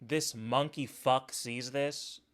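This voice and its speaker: A man's voice: medium pitch, steady tone, slow pace. A man streaming his reaction to podcast clips, ranting and cursing in angry, mocking commentary.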